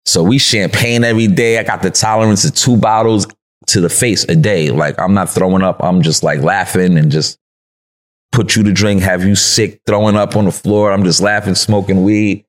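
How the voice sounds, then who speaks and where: Guest, male, New York accent, very low voice, easygoing slang storyteller who laughs a lot. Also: fairly even intonation, moderate pace. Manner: slangy and laid-back, laughs often, acts out quotes. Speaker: podcast guest. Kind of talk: casual interview storytelling.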